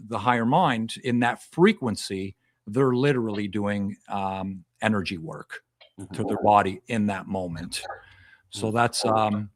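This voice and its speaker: A man's voice: lowish voice, dry recording, studio quality. A man who works as a past life regression hypnotist, answering as a podcast guest and explaining at length, often repeating and restarting phrases.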